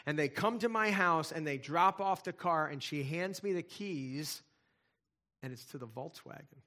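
A middle-aged male pastor preaching in a conversational way, moving from hushed asides to loud, fervent passages. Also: fairly high pitch, normal speed. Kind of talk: sermon.

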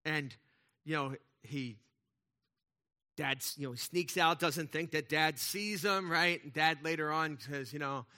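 With a fairly high pitch and a measured pace, a middle-aged pastor talks through his sermon conversationally. Rhetorical questions go out to the congregation as his delivery swings from loud to soft.

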